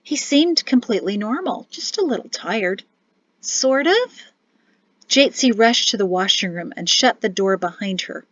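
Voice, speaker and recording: Woman reading a novel chapter, middle pitch, dull dry sound. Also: expressive, measured pace, a bit bright, no room sound. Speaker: audiobook narrator. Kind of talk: scripted narration.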